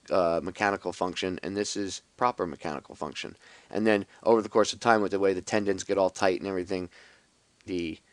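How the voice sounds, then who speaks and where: A man's voice: low-pitched, no echo. A man talking casually and at length to his viewers, rambling with many restarts and a sarcastic edge. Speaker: video blogger. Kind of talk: casual explanatory monologue.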